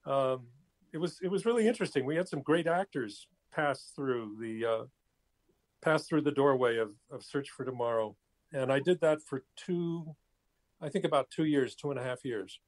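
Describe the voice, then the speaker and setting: Older guy on a cell phone call, hesitant, restarts a lot, mid pitch. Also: moderate pace. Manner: hesitant, many fillers and restarts. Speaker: guest. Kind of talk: casual interview chat.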